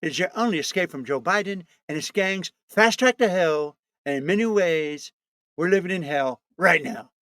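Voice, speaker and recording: A man's voice: high-pitched, expressive, normal speed, a bit bright, no room sound. A man doing a bragging, blustering old politician. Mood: bombastic. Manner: bragging, rambling, self-pitying. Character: boastful blustering older male politician. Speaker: comedian. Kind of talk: comic impression.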